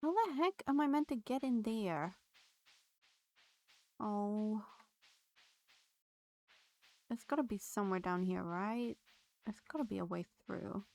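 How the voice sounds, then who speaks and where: A woman's voice: mid-range voice, animated, takes it slowly, gravelly, pauses often, darkish tone. A woman live-streaming a game, chatting to her viewers and laughing often. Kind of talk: live gameplay streaming chat.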